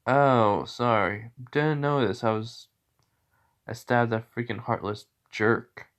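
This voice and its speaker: A man's voice: medium pitch, steady tone, slow. A man doing a cocky, defiant young man. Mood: mocking. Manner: blunt, mocking.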